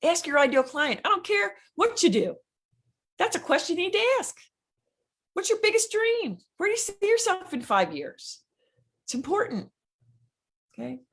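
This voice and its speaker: A middle-aged woman coaches a business workshop. Her fairly high voice swings up and down a great deal. She is emphatic and digressive, and she speaks straight to her audience. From Philadelphia, USA. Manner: animated, digressive, emphatic, talks straight to listeners. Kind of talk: teaching a live business workshop.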